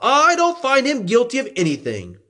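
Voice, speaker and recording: A man's voice: very high-pitched, huge pitch swings, moderate pace, bright, forceful tone, pitched above the performer's own voice, full character voice. A man reading as an uneasy Roman governor. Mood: exasperated. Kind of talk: scripture reading.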